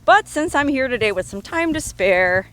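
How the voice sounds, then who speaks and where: A woman's voice: high voice, expressive, normal speed, a bit bright, slight background noise. A woman narrating a travel vlog outdoors on a coastal trail, in a wry, joking, self-mocking way. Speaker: travel vlogger.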